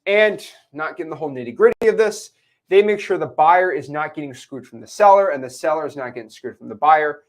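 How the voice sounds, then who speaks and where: A young man teaching a real estate lesson at a whiteboard, animated, checking in with his listeners often and acting out characters in put-on voices. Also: fairly high pitch, fairly quick. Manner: animated, explains with repeated check-ins.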